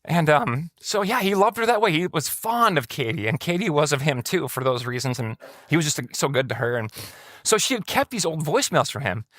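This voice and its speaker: Animated storytelling male pastor. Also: a little high, fairly quick, no room sound, studio quality. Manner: conversational, animated quoting of others in raised voice. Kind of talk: personal storytelling sermon. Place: church setting.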